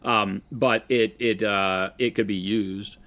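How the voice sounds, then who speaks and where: A man's voice: fairly low pitch, steady tone, takes it slowly, fairly bright tone. Guy co-hosting a mini painting stream, chatty, rambly, jokey. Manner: rambling, joking, teasing. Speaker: co-host of a live painting stream. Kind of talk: casual live-stream chat while painting.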